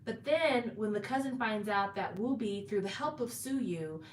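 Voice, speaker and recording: A woman chats through a story recap, stumbling into restarts and fillers as she goes. Her voice sits at a middle pitch. She sounds a little far from the mic in a roomy space with a faint hiss of noise behind her. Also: expressive, unhurried. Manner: chatty, retelling with fillers and restarts. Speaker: drama recap host. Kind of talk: casual plot recap.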